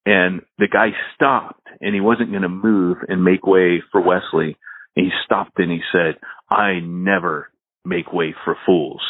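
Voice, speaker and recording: A man co-hosting a podcast about church planting, telling anecdotes in an animated, casual way and laughing at his own stories. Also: low-pitched, breathy edge, no echo. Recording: phone-like, dry sound.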